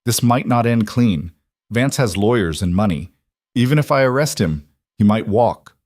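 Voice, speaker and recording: A stern frontier marshal voiced by a man lays out his plans in a firm, level tone. The voice sits low and dry, with a close, deadened sound. It is an audiobook western read with steady resolve. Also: dry recording, lightly acted. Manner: firm, measured, matter-of-fact.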